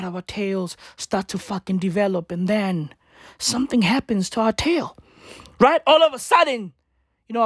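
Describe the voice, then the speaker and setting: A woman's voice: slightly rough, no echo, clean studio sound. A woman vlogger delivering a profane, mocking comedic rant to camera. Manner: profane, mocking, with exaggerated pitch swings.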